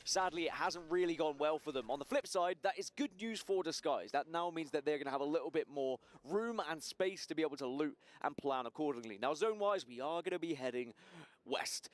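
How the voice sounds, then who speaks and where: A man's voice: a little high, no room sound. Analytical male esports commentator. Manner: measured, analytical.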